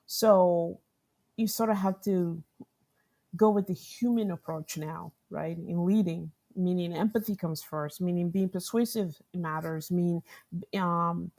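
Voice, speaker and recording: A woman's voice: lowish voice, creaky. A woman who directs product management, giving an interview and telling workplace stories, acting out what people said and often tagging her points with a questioning "right". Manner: animated storyteller, acts out quoted dialogue, frequent "right?" tags and laughs. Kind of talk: conversational interview storytelling.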